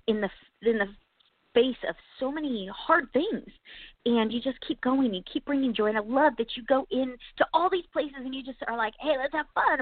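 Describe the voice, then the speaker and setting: A woman's voice: mid-range voice, dry recording. Earnest woman on a tinny line. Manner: earnest and encouraging. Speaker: co-host. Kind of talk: casual faith podcast chat.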